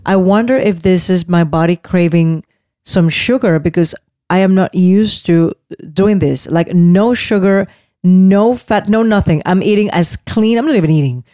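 A woman in her fifties with a Puerto Rican Spanish accent, co-hosting a casual podcast, expressive and self-deprecating. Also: fairly low pitch, moderate pace, dry recording, clean studio sound. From Puerto Rico. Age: 50s. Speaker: podcast co-host. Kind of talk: casual chat.

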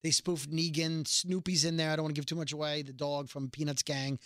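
Bright chatty male podcast host. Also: fairly high pitch, little pitch movement, a little fast, no echo, clean studio sound. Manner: chatty, rambling with restarts. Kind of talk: casual chat.

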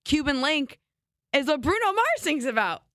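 A woman's voice: high-pitched, sing-song, a bit bright, no room sound, clean studio sound. A woman from New Jersey with a light New Jersey accent, co-hosting a casual chat and teasing her partner. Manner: teasing, jokey, quick interjections.

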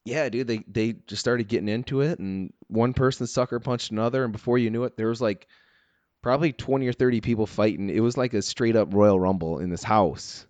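A man telling a wild story in casual chat, animated, laughing often and saying "dude" and "like". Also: mid-range voice, brisk, dry recording, dull audio.

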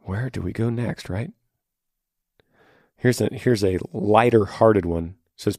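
With a fairly low, darkish voice, this man speaks a little slowly and pauses often, and the studio-quality audio has no room sound. As a podcast host taking listener questions, he gives heartfelt, encouraging advice rooted in faith, repeating phrases to stress them.

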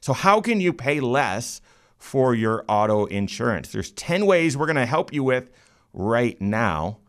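Lively joking man hosting a finance show. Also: medium pitch, unhurried. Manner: lively, joking, animated emphasis. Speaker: radio show host and financial planner. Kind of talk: casual finance talk show banter.

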